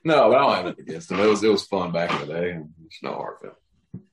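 A laid-back man, speaking in a fairly low voice. He tells stories in casual podcast chat and drops "bro" often. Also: very animated, fast, creaky, slight background noise, low-quality recording. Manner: laid-back storyteller, says bro a lot. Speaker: rapper and label head, guest.

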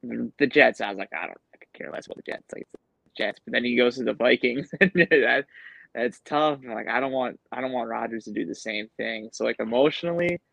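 A man's voice: medium pitch, brisk, gravelly, fairly bright tone, no echo, low-quality recording. A man from Wisconsin, a guest on a casual podcast, talking in a friendly, rambling way. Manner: friendly, rambling, conflicted fan.

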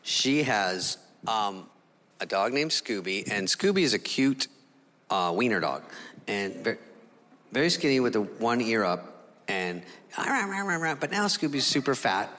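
A man performing a stand-up routine, rambling through a story with lively acted-out voices. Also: fairly low pitch, a little slow, long reverb tail, a little hiss or hum. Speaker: stand-up comedian.

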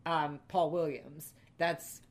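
Woman, low pitch, podcast co-host, casual film chat, lots of restarts. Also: fairly even intonation, slow pace. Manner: thoughtful, lots of fillers and restarts.

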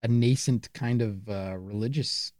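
A man's voice: mid-range voice, unhurried, darkish tone, dry recording. Man chatting casually, dry sound. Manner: jokey, hesitant with fillers. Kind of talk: casual chat.

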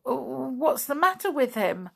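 A woman's voice: on the high side, big pitch swings, takes it slowly, voice pushed up, full character voice. A woman voicing a timid, loyal young male rabbit who talks hesitantly and stammers.

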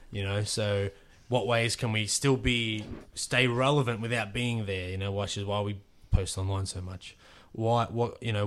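A young man with an Australian accent, a guest wrestler chatting casually on a podcast. He rambles, swears freely and acts out quoted dialogue. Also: on the low side.

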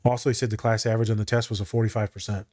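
A man's voice: lowish voice, little pitch movement, rapid-fire, a little mellow. Male therapist-host, casual and blunt, salty language. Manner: blunt and profane, tells client stories. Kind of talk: casual podcast chat.

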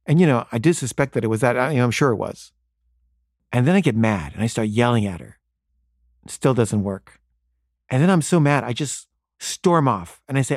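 A man in his thirties tells a personal story in a relaxed, casual way. He acts out the back-and-forth dialogue and lets his voice climb when things get heated. The recording is dry and close, with no room sound. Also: normal speed, no echo. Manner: casual, animated, acts out dialogue with rising pitch. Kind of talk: personal anecdote.

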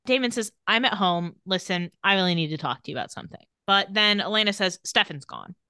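A young woman with a bright, crisp voice recaps a TV episode with a podcast co-host and jumps into the characters' lines as she goes. Her pitch swings widely, and her voice is recorded close and dry with no room sound. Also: a little fast, dry recording. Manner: animated, acts out characters' lines while recapping. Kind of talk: casual TV recap chat.

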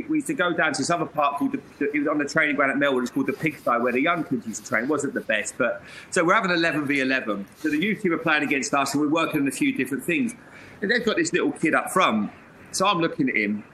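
Bright-voiced man telling lively stories. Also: a little high, a little hiss or hum, poor audio. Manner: lively, laughs mid-story, acts out quotes. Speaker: guest, former footballer. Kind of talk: anecdotal storytelling in an interview.

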